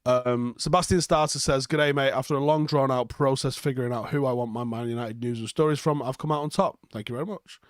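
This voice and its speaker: A man's voice: medium pitch, steady tone, a little fast, few pauses, dry recording, clean studio sound. A young man, hosting a live football reaction stream, reading viewer comments and answering them bluntly with plenty of swearing and sarcasm.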